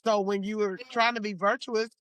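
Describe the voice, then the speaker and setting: A woman's voice: medium pitch, fairly even intonation, normal speed, no room sound. A woman speaking as a guest on a faith podcast, giving earnest advice in casual conversation. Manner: earnest, warm advice-giving, exclaims to the Lord. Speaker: podcast guest, church mentor.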